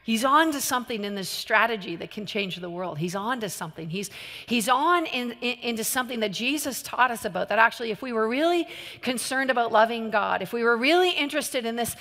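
A woman preacher gives a sermon in a church hall, her high, bright voice telling stories with animated energy and bursts of laughter. A long reverb carries her words around the large space.

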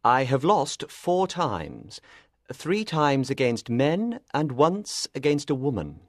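A man voicing a calm, grave male detective in storybook dialogue for English learners, speaking in a measured and serious way. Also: medium pitch, no echo, clean studio sound.

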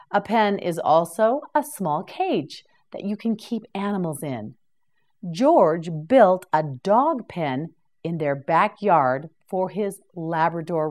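A woman leads a beginner's vocabulary drill, saying each word slowly and repeating it. Her voice sits a little low, but her pitch moves up and down a lot, and her pace stays very slow. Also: darkish tone. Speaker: English vocabulary teacher.

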